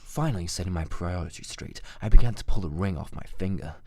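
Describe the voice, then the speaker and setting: A man's voice: low voice, fast, vocal fry, a little mellow. A man reading visual novel narration aloud between easygoing chat, chuckling at times. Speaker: let's play co-host.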